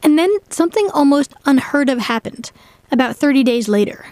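A woman narrating a documentary story in a measured, scripted way. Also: high-pitched, expressive, darkish tone, dry recording. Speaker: narrator and host. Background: faint music.

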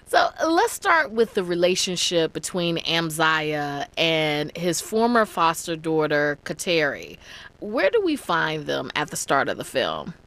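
A woman radio host presenting a scripted arts segment and starting an interview, in a clear, friendly manner. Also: deep voice, big pitch swings, unhurried, fairly bright tone.

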